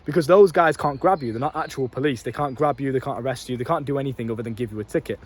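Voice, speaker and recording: A man's voice: medium pitch, very fast, husky. A young man talking bluntly to camera, telling stories and swearing freely as he gives dating advice. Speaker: dating coach vlogger. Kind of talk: casual monologue to camera.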